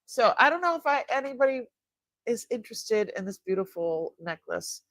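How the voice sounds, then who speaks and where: A middle-aged woman hosts a live jewelry sale, chatting casually with her viewers in a slightly high, sing-song, fairly bright voice at a moderate pace. She laughs often and trails off mid-sentence. There's no room sound.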